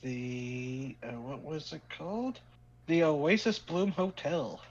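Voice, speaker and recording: Man game master, muffled lo-fi voice. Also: fairly high pitch. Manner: loose, halting narration. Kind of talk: narrating a tabletop game.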